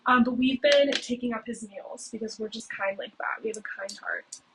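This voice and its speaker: Chatty young woman, noisy cheap mic. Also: moderate pace. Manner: chatty, heavy use of "like" and "okay?". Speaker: video host. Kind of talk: casual plot recap. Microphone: cheap home mic. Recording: noisy low-quality home mic with clicks.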